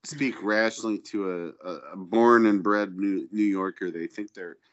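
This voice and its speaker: A man's voice: on the low side, fairly even intonation, normal speed. A man co-hosting a casual podcast, telling a crude story in a rambling, profane way. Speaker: podcast co-host. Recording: dull lo-fi audio.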